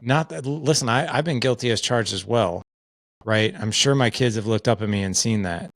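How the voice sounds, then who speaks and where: A middle-aged man, a podcast guest, telling stories in an earnest, animated way with plenty of filler words. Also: medium pitch, normal speed, no echo. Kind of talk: casual conversation.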